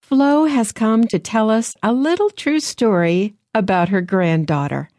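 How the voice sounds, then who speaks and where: A woman hosts with a mellow, darker tone and a soft, encouraging delivery. The sound is close and dry with no room around it. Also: mid-range voice, measured pace, no echo. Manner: soft, encouraging, gently paced. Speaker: co-host. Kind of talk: scripted radio talk.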